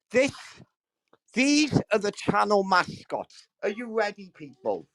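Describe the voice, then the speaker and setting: A man chatting casually on a livestream from home, crude and mocking, swearing constantly, with sudden loud outbursts. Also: high-pitched, huge pitch swings, slow. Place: at home with dogs nearby.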